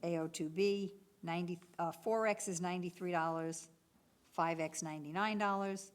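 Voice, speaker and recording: This municipal clerk is a woman reading item codes and bid prices at a public bid opening. Her delivery is businesslike and steady, with a fairly low pitch and a normal speaking speed.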